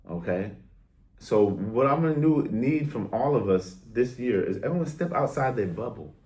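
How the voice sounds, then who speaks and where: A man's voice: lowish voice, mellow. Blunt, exasperated man ranting casually. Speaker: vlogger. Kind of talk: casual rant to camera.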